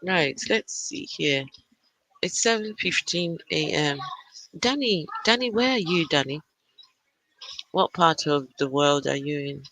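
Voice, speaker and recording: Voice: medium pitch, lively intonation, unhurried, pushed and bright, dry recording, low-quality recording. An adult parent hosting a casual live stream from a gaming arena computer, chatting and greeting viewers by name. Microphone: arcade computer, no camera.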